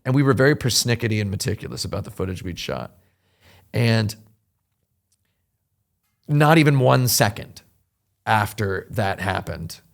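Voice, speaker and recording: A man with a fairly low voice and a gravelly, fry-laden edge is hosting a show. He tells a long anecdote in a loose, chatty way. He often circles back and restarts his sentences as he goes. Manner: rambling, animated anecdote with frequent restarts. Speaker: host. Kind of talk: casual storytelling chat.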